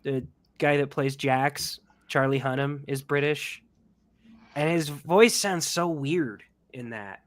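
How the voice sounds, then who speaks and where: A man co-hosting a casual podcast chat, relaxed and quick to laugh, swearing casually. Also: mid-range voice. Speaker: podcast co-host.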